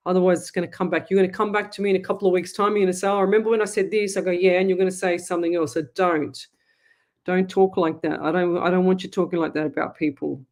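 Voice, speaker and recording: This psychic medium, a middle-aged Australian woman running a live call-in radio show, has a lowish, darkish voice with fairly even intonation and a fast pace. Blunt and motherly, she scolds her callers and addresses them as lovey.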